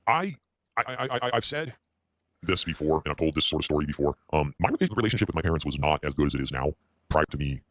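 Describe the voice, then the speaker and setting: A man rambles on his livestream, stammering and doubling back over his words. His voice is very deep, with a lively, swinging pitch. He talks very fast, and the sound is dry. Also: no echo. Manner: stammering, repeats words, halting. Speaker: streamer.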